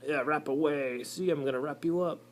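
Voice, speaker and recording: A man's voice: a little high, a little fast, close to an everyday voice. A man voicing an aggressive female black widow spider hunting in her web, bossy and menacing. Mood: gloating.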